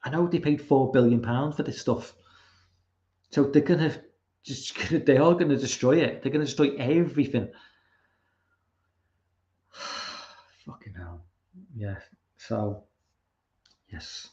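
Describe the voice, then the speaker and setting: A man's voice: mid-range voice, takes it slowly, pauses often, mellow. A young man hosting a livestream, reading chat and ranting casually with lots of swearing and restarts. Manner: rambling, swearing, many restarts. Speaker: livestream host. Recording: roomy, dull lo-fi sound.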